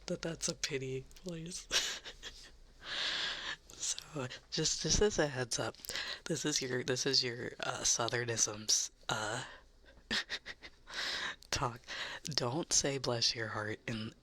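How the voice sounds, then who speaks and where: A woman chats through an ASMR stream in a soft, giggly ramble. Her voice is bright yet breathy, and her pace is unhurried. She speaks close up to a sensitive microphone. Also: extremely low pitch. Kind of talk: ASMR chat.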